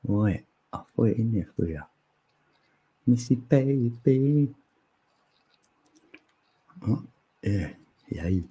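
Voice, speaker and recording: A man's voice: lowish voice, unhurried, mellow, husky. A man hosting a live stream, chatting casually and laughing often. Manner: laid-back, laughs often, chatty slang. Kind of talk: casual chat. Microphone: phone.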